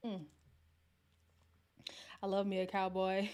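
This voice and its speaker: A mid-range, fairly bright voice moves at a measured pace with frequent pauses as this woman hosts a reality-show watch party. She talks freely, reads viewer comments out, and sometimes lowers to a whisper.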